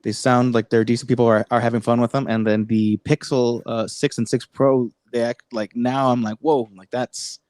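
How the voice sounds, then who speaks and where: A man's voice: medium pitch, flat delivery, normal speed, few pauses, a little mellow, no room sound, clean studio sound. A man hosting a casual tech livestream, rambling with many fillers and restarts. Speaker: livestream host.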